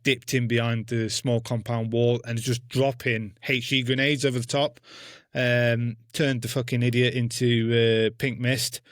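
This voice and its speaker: A man's voice: mid-range voice, a bit bright, dry recording, clean studio sound. A man and army veteran telling a war story on a podcast in a blunt, casual way, swearing constantly and acting out what he said back then. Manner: blunt, heavy swearing, acts out his own past words.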